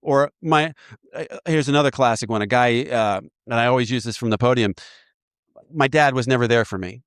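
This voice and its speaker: A man sponsoring in a recovery program, walking a listener through an inventory in a lively, joking way with frequent laughter. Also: mid-range voice, brisk, clear, resonant tone, no room sound, clean studio sound. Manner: animated, laughs often, acts out voices. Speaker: AA sponsor guiding a step inventory. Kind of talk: casual teaching talk.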